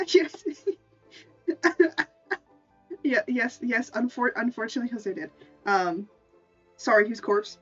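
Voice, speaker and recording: Woman streamer, higher voice, rambling stammer, off-mic, dull lo-fi audio with faint music under it. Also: lively intonation, slow pace, pauses often, fairly bright tone, breathy edge, distant mic. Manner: rambling, stammering restarts, laughs often. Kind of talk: casual stream chat.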